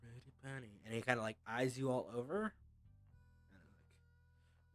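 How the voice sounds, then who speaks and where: A man's voice: medium pitch, a little slow, pauses often, soft background music. A man narrating as game master in a loose, casual way with lots of fillers.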